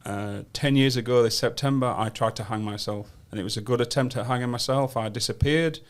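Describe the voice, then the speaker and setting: A man's voice: mid-range voice, a little fast. An English man in his fifties, a guest on a studio podcast, telling his story bluntly and frankly. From England. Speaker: guest, business founder. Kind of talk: podcast interview.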